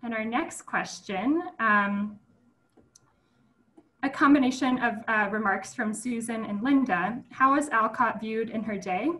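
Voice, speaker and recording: A woman's voice: fairly high pitch, measured pace, fairly bright tone, rough recording. Woman moderator reading audience questions.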